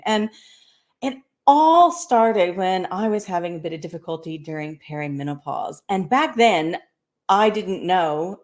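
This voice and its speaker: An American woman in her sixties with a slightly Australian-tinged accent, telling her story as a guest in a chatty, upbeat way over a video call. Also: on the low side. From United States. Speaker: guest entrepreneur. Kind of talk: interview storytelling.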